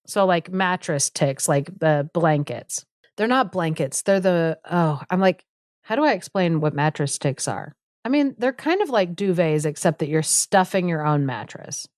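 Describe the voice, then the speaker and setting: A woman's voice: lowish voice, animated, normal speed, no echo, clean studio sound. A woman podcast co-host casually retelling a fairy tale, full of "like" and sarcastic asides, acting out the characters' lines. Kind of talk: casual storytelling chat.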